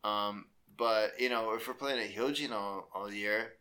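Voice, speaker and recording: Bright-voiced laid-back man co-host. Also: on the low side, a little slow. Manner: laid-back, chuckling, loose fillers. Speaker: podcast co-host. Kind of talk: casual sports chat. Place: small room.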